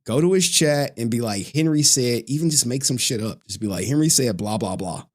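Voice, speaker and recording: A man rambling on a live stream in loose, profane chat. He laughs often and reads his chat aloud. His voice leaps up and down in lively swings. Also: medium pitch, brisk.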